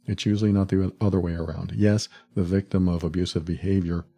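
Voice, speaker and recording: A man hosting a solo podcast, speaking reflectively and acting out quoted lines with sudden jumps in pitch. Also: little pitch movement, fairly quick, warm tone. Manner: laughs at the absurdity. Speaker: podcast host.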